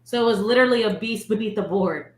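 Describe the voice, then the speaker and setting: A woman guest in a casual review chat, explaining things in a relaxed way. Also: mid-range voice, quick pace, roomy sound. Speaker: guest co-host.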